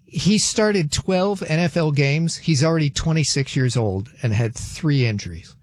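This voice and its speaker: Measured male sports radio co-host. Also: a little high, no echo. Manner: measured, opinionated, brisk when reading scores. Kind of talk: sports radio chat and scores update.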